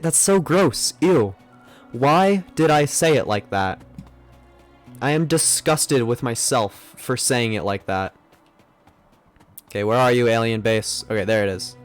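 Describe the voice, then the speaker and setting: A man's voice: medium pitch, animated, measured pace, long pauses, faint music behind. A young man streaming a game live, rambling and joking at himself as he plays. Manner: rambling, self-mocking, muttering to himself. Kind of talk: live gameplay commentary.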